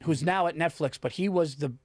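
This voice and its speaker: A man hosting a podcast, talking in animated casual chat, swearing freely and acting out quoted lines. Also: a little high, brisk, dry recording. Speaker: podcast host and comedian.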